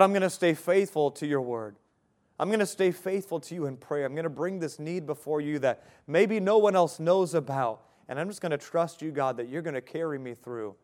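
A man preaching an evening sermon, earnest and direct, asking the listeners questions and now and then laughing lightly. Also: a little high. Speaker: pastor.

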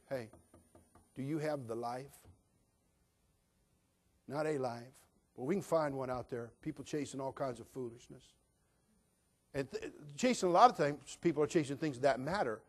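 A male pastor preaching a sermon with humor, swinging between loud emphatic bursts and quiet, dry asides. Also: mid-range voice.

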